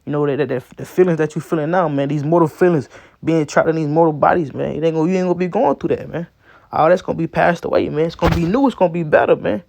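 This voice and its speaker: A man giving an informal scripture teaching in street slang, ending nearly every phrase with "man" and reading verses slowly. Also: on the high side, gravelly, a little mellow. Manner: reads verses slowly and deliberately.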